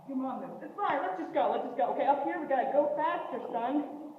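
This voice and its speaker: A woman's voice: high-pitched, animated, brisk, narrow, tinny audio. A woman acting out a blustering middle-aged dad who rambles and blurts confessions while teaching his son to drive, in a live comedy monologue. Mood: rambling. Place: stage in a performance hall. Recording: echoey hall from far off, faint noise.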